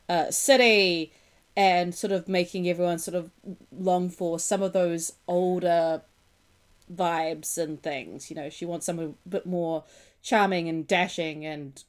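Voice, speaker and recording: A woman's voice: on the low side, fairly even intonation, a little slow. A woman co-hosting a film podcast who chats casually and drops dry, wry asides. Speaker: podcast co-host.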